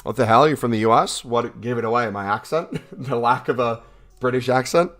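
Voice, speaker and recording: Soft music plays behind a young American streamer as he reads live chat and answers with jokes. He talks a little fast in a mid-range, slightly bright voice, keeping things casual.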